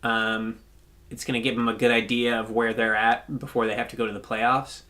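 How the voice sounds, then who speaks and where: A man's voice: mid-range voice, little pitch movement, fairly quick, pushed and bright. A man co-hosting a podcast, chatting casually about football with many fillers and restarts. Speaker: podcast co-host. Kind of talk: casual sports chat.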